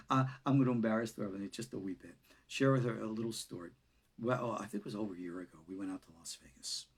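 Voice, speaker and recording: A man, a rabbi, giving an unscripted lesson in an expressive way, swinging between loud and soft and chuckling now and then. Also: on the low side, fast talker, husky. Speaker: rabbi teaching Kabbalah. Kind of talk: unscripted lecture.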